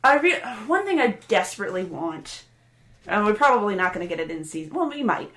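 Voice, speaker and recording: A woman co-hosting a podcast in casual chat, animated and laughing, swearing freely. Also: medium pitch, fairly quick, roomy sound. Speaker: podcast co-host.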